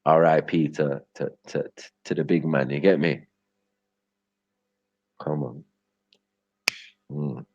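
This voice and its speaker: Deep husky man, lo-fi. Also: fairly even intonation, takes it slowly, pauses often, darkish tone. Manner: loose, slangy, laughing, keeps asking "get me?". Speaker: livestream host. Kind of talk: casual ranting commentary. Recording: dull lo-fi audio.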